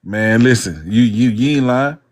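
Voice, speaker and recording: A man's voice: medium pitch, normal speed. Rambling Southern American man. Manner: laid-back, rambling, says "bro" and "you hear what I'm saying". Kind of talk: casual livestream talk.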